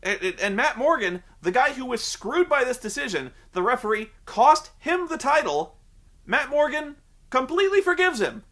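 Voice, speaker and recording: A man with an extremely high-pitched voice reviews a wrestling show at a moderate pace in a casual, sarcastic rant. Animated and profane, he swears freely and keeps drifting off on tangents.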